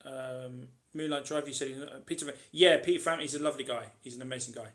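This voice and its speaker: A man's voice: medium pitch, fairly even intonation, quick pace, a bit bright. A man hosting a casual live question-and-answer stream, reading out viewers' comments and answering them in a rambling, chatty way full of ums and restarts.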